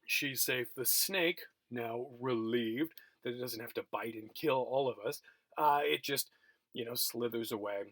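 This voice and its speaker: A man's voice: mid-range voice, unhurried, a bit bright, no echo. Chatty self-mocking male lecturer, dry sound. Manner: chatty, self-mocking, many fillers and restarts. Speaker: college geography instructor. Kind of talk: recorded remote lecture, storytelling. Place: at home, recorded for remote teaching.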